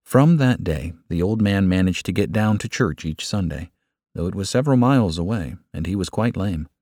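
Low male narrator, earnest and measured, dry close sound. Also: expressive, a little mellow, no room sound. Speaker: audiobook narrator. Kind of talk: scripted narration of a religious book.

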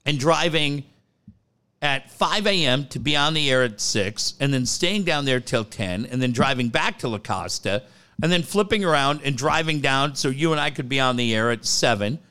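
A man telling radio stories in casual chat, profane and animated. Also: fairly high pitch, moderate pace. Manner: animated, profane, mimics voices in anecdotes. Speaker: sports radio host.

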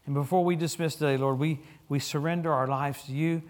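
A middle-aged man preaching a sermon in a church, telling stories with humor and swinging his voice up and down as he gets caught up. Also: brisk. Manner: animated storytelling with humor, lively pitch swings. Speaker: guest preacher.

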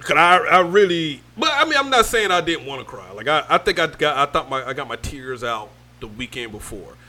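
Guy telling a wild story, voice jumps all over, bright and loud, laughs a lot. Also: a little high, brisk. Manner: animated storytelling, laughing, mimicking voices and sounds. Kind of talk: casual chat.

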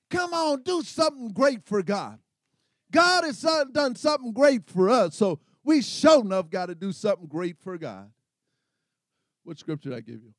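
A man preaching a sermon, calling for responses from the congregation and building to excited shouts. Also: high voice, moderate pace, no room sound, studio quality.

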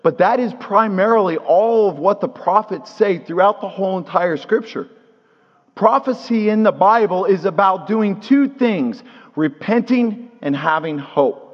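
A man's voice: high-pitched, expressive, unhurried. A man preaching a sermon at a Shabbat service, earnest, repeating key phrases and asking rhetorical questions. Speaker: pastor teaching at a Shabbat service. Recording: long hall reverb, dull lo-fi sound.

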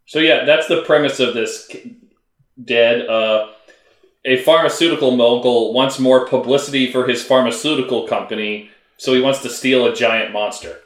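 A man's voice: mid-range voice, fairly even intonation, moderate pace. A laid-back man chatting and riffing on a movie with friends. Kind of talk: casual riffing banter. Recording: roomy echo.

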